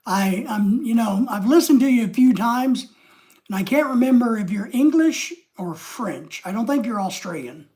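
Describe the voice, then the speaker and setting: A man's voice: high-pitched, animated, moderate pace, darkish tone. Rambling older man hosting a livestream. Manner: rambling, reads chat comments aloud, greets viewers. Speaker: livestream host. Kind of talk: casual livestream chat.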